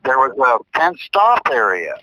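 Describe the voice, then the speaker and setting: A man's voice: mid-range voice, huge pitch swings, a little slow, sharp tone, a little hiss or hum, low-quality recording. A man telling a story in casual chat as a podcast co-host, emphatic and repeating himself, with mild swearing.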